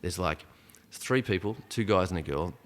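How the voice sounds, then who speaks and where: A man telling a tense story in casual podcast chat, animated and full of asides. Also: sits low, moderate pace. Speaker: podcast guest. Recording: long reverb, echoey room.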